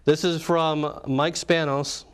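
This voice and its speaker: A man's voice: fairly high pitch, little pitch movement, slow, clean tone. A man co-hosting the show who reads viewer questions and adds dry quips. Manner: dry, wry straight man. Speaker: co-host reading questions. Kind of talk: joking Q&A banter.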